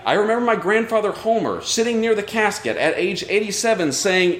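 Male live storyteller, earnest, reflective, animated pitch, roomy live sound. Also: a little fast. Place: live show at a brewery.

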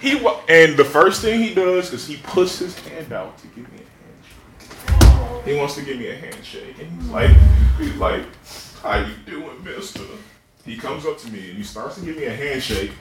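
Animated young man telling a comic story. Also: a little high. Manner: profane, animated, self-mocking. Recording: echoey room with clear noise.

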